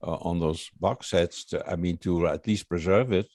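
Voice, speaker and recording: A man in his eighties, a guest singer, reminiscing in casual interview chat, halting with many fillers and chuckling often. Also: low voice, darkish tone, no echo, studio quality. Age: 80s.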